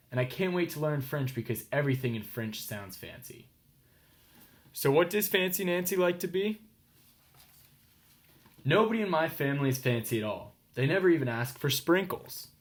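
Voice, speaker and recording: A man with an American accent reads a children's picture book aloud in a mid-pitched voice. He goes slowly, stops to explain fancy words and asks his young listeners what comes next. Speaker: teacher reading aloud.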